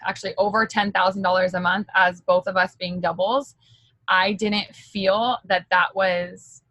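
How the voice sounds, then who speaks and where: A woman's voice: mid-range voice, bright, forceful tone, no echo, muffled recording. A woman giving a candid motivational talk as a direct-sales team leader, chatty and full of fillers.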